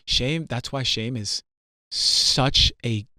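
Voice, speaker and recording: A man's voice: mid-range voice, slow pace, pushed and bright, no echo. Earnest man in a dry recording. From New Jersey. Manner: emphatic, repeats phrases, frequent "right?". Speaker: podcast guest. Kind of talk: earnest conversational teaching.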